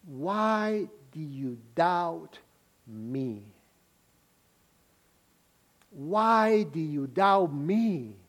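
A preacher voicing a hushed, calm Jesus. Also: male voice, sits high, exaggerated voice. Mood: reassuring. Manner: soft, slow and hushed. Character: calm, reassuring male Jesus in a scripture reading.

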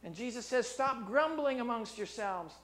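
Guy preaching a sermon, kinda high voice, goes quiet and low for scripture then gets loud and excited. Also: normal speed. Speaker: pastor.

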